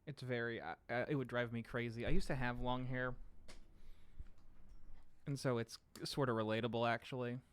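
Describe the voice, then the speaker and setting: A man hosting a casual livestream from home, talking in a relaxed, rambling way with lots of filler sounds. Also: medium pitch, normal speed, long pauses, clean tone, no echo. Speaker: podcast host streaming live.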